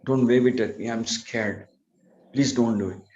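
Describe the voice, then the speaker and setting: A man's voice: medium pitch, steady tone, a little mellow, reverberant, lo-fi sound, slight background noise, close to an everyday voice. A man doing a frightened pleading little boy. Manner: pleading, slow and timid. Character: frightened little boy begging his mother.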